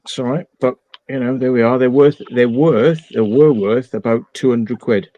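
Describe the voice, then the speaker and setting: A man's voice: mid-range voice, steady tone, moderate pace, dull audio. A man hosting a casual chat, rambling with repeated words and restarts. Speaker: channel host.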